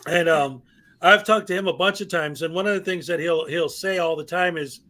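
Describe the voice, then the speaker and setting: A man with a high voice hosts a relaxed chat show. He talks with animated energy and often repeats his opening words before his point lands. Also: brisk. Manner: animated, repeats words when starting a thought. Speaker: host. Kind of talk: casual chat.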